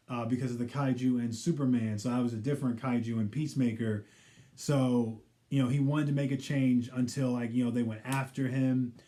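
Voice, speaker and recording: Rambling man with a mellow voice. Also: mid-range voice. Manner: rambling, heavy use of "you know" fillers; acts out characters' quoted lines in passing. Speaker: pop culture vlogger. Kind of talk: casual episode recap.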